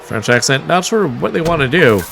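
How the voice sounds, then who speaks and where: A man's voice: fairly high pitch, lively intonation, normal speed, creaky, noisy background. A man calling a wrestling match play by play, with a wry, mocking manner and the odd chuckle. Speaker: wrestling commentator. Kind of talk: play-by-play commentary.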